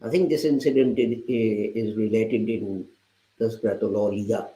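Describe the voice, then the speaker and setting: A man's voice: lowish voice, fairly even intonation, a little slow, warm tone. A man giving a Friday sermon who retells a parable and quotes its people as he goes. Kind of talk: sermon with storytelling. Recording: roomy, echoey sound.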